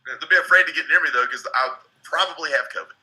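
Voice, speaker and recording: A man's voice: fairly high pitch, fast talker, sharp tone, low-quality recording. A man from Tennessee with a Southern accent, chatting casually and profanely on a live stream, telling joking stories. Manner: profane, joking, drawling storyteller. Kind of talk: casual chat.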